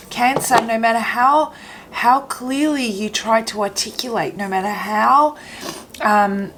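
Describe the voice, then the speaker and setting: A woman giving an intuitive tarot reading, speaking gently and haltingly, repeating phrases as she searches for words, her voice catching in her throat. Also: fairly high pitch, slight background noise. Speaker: tarot reader.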